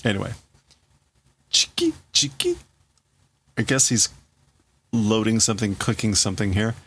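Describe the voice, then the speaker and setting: A man's voice: lowish voice, fairly even intonation, fairly quick, slightly rough, no echo. A man hosting a live stream who reads and translates a comic while thinking aloud, with hesitant restarts. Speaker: livestream host. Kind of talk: casual live reading and translating.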